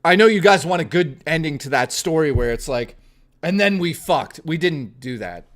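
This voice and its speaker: A man streaming, telling a personal story in a casual, animated and profane way, often swearing that it is true. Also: fairly high pitch, a little fast.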